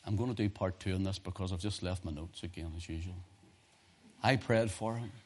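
A man preaching a sermon, telling a personal story in a hushed voice and then rising to loud preaching. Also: low-pitched, fairly even intonation, fairly quick.

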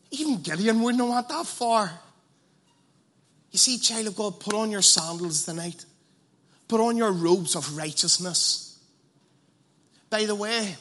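Passionate high-voiced male preacher. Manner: passionate, swings from hushed to loud; colloquial, blunt asides. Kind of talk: evangelistic sermon.

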